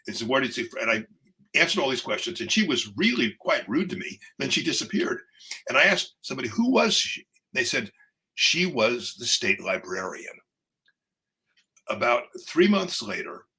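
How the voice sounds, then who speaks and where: An older man, a poet, telling a personal story in conversation, animated and full of fillers and restarts. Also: mid-range voice, poor audio.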